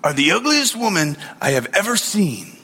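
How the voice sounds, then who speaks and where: A man's voice: high voice, very animated, normal speed, sharp tone, breathy edge, exaggerated voice. A man voicing a rude male pet-shop parrot who bluntly repeats an insult. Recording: long hall reverb.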